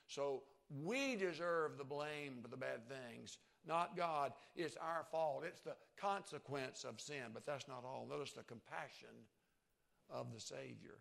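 A man preaching a sermon, swinging from quiet to emphatic. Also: a little high, vocal fry. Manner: emphatic, swings from soft to loud.

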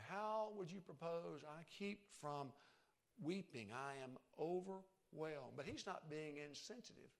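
A man preaching a sermon, swinging from quiet to emphatic. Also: a little high, vocal fry. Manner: emphatic, swings from soft to loud.

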